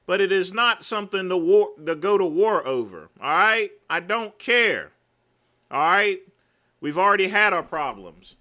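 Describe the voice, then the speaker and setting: A man hosting a livestream, reacting to clips with emphatic, mocking repetition and sudden bursts of shouting. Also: high-pitched, expressive, unhurried. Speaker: livestream host. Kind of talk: live reaction commentary.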